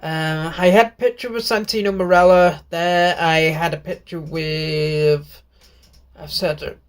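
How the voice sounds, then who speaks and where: Brief: British-born male YouTuber, slow unhurried delivery, excitable and rambling. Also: on the high side, smooth. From Britain. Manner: rambling and excited, many restarts. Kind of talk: casual vlog recap.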